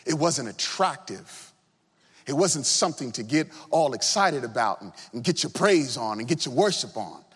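A man preaching a sermon as pastor, impassioned, dropping his voice low for emphasis and rising again. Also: lively intonation, normal speed, fairly bright tone, slightly rough, in a large hall.

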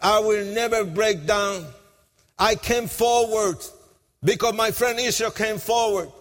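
A man giving an emotional testimony sermon, impassioned, swinging between hushed and shouted lines, with nonstandard grammar. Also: high voice, unhurried. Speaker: preacher giving his testimony. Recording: long hall reverb.

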